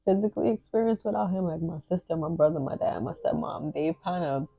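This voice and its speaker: A woman's voice: fairly low pitch, fairly quick, gravelly, dark tone, breathy edge, rough recording. A young adult woman co-hosting a podcast, sharing candid, emotional, faith-filled stories in casual chat. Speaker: podcast co-host.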